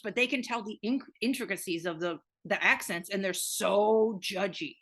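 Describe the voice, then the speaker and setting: A woman's voice: medium pitch, normal speed, hardly any pauses, fairly bright tone, slightly rough. A young woman co-hosting a podcast, chatting casually and animatedly, swearing freely. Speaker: podcast co-host. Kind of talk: casual chat.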